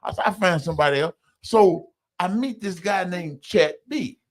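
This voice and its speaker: A man tells his personal recovery story in a loose, conversational way, calling his listeners y'all. He's animated and acts out the voices of people he quotes. His voice sits high, and he speaks at a moderate pace.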